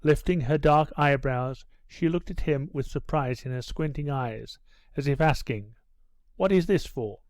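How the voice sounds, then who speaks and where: A male audiobook narrator reading a classic novel in steady, unhurried scripted narration. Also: medium pitch, no echo.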